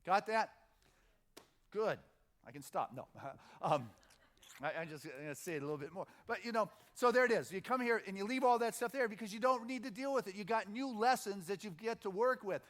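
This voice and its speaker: At a spiritual center, a middle-aged minister preaches in an informal, chatty way, his high-pitched, slightly bright voice moving a little fast. He stops, restarts, and then builds up steam through repetition.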